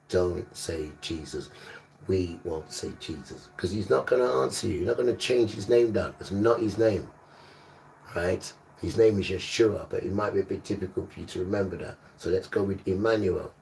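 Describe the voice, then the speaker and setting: Deep gravelly preacher guy on a livestream, repeats himself, scolds people, faint background hum. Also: darkish tone, distant mic. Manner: emphatic, repetitive, scolding. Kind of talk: livestreamed sermon.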